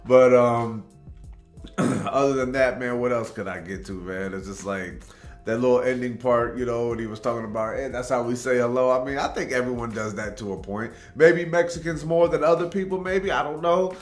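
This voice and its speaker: With a medium-pitched voice, fairly even intonation and normal speed, a man from Tacoma, Washington, USA hosts a reaction video. He rambles through laid-back stories in casual commentary, saying "man" often. The room echoes, and faint background music plays.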